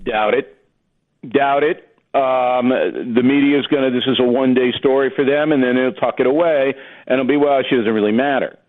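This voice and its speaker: Man, middle-aged, blunt political commentary, phone-line sound, average pitch. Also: fairly even intonation. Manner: blunt, rapid opinionated. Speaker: guest commentator. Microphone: telephone.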